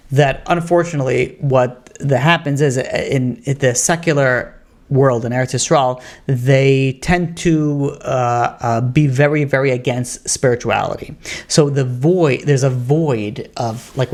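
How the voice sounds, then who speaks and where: Chatty storytelling rabbi, a man. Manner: loose and conversational, full of "you know" and "like" asides; gets louder and higher when quoting the story's characters. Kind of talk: storytelling sermon.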